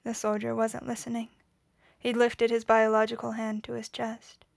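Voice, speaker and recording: A woman reading a story aloud in a quiet, measured voice, whispering the dialogue. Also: on the high side, completely flat delivery, creaky, no echo, studio quality. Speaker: reader. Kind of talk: audiobook reading of fan fiction.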